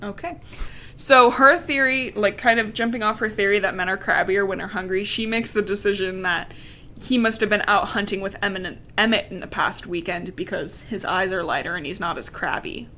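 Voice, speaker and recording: A woman's voice: mid-range voice, moderate pace, sharp tone, slight background noise. A woman co-hosting a casual podcast, recapping a novel with sarcasm and swearing, mocking the characters' lines. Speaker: podcast co-host recapping a book. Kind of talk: casual chat.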